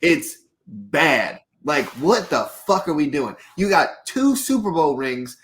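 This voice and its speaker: A man's voice: a little high, very animated, takes it slowly, fairly bright tone. A man co-hosting a sports podcast, talking in heated, profanity-laden rants. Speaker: podcast co-host. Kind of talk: casual sports chat, ranting.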